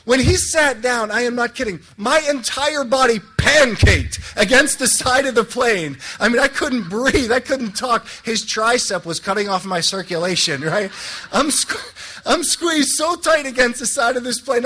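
Young priest preaching, jokey storyteller, high voice that swings all over. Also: male voice. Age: young adult. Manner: animated, joking, acts out voices in his stories. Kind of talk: storytelling sermon.

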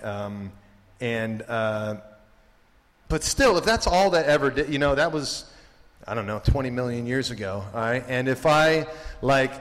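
A man's voice: mid-range voice, a bit bright. A man giving a casual, jokey faith talk to students as a campus ministry speaker, rambling with lots of "like" and "you know". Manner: rambling and jokey, heavy with 'like' and 'you know'. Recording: long hall reverb.

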